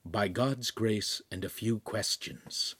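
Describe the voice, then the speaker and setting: A man voicing a quiet voice in someone's ear that whispers translations. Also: fairly low pitch, takes it slowly, husky, dry recording, heavily acted. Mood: hushed.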